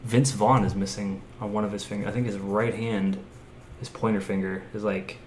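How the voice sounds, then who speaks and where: A man's voice: on the low side, flat delivery, moderate pace, darkish tone, echoey room, a little hiss or hum. A man co-hosting a casual podcast chat, rambling and hesitant and full of fillers. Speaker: podcast co-host. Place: outdoors on a summer day.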